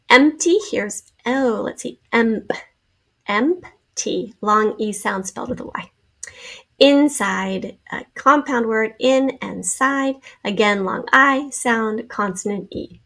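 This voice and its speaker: A woman's voice: a little high, takes it slowly, creaky, fairly bright tone. A woman teacher giving a spelling lesson to young pupils, patiently sounding out letters and syllables for a class video.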